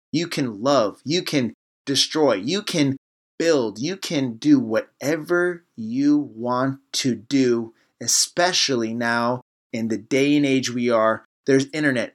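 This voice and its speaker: Male podcast host and life coach, preachy and pumped up, punchy repetition, mid-pitched voice. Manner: fired-up, preachy, punchy repeated short phrases. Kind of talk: motivational podcast monologue.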